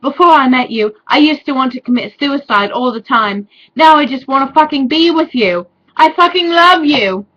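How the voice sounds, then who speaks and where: A woman's voice: on the high side, expressive, normal speed, sharp tone, lo-fi sound, pitched above the performer's own voice. Gushing lovesick teen boy, as a woman puts him on. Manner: breathless, gushing declarations. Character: lovesick dramatic teenage boy.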